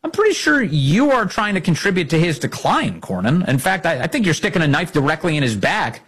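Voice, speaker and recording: A man hosts an opinionated political commentary show in a husky voice that climbs and falls with lively emphasis. He talks in a sarcastic, indignant way and keeps needling the people he quotes. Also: fairly high pitch, brisk.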